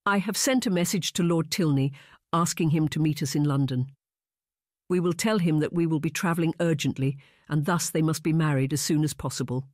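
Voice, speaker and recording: A narrator voicing a careful, pragmatic middle-aged gentleman in a period audiobook. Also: medium pitch, no room sound, clean studio sound, natural voice. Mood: measured. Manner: careful, measured, quiet. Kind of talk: audiobook character voice.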